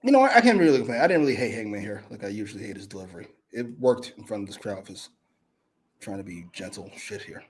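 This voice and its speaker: Brief: male co-host, profane live review rants, jumps between mutters and yelling, very animated pitch. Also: quick pace, slight background noise. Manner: loud, swings from mutters to shouted rants. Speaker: wrestling show co-host.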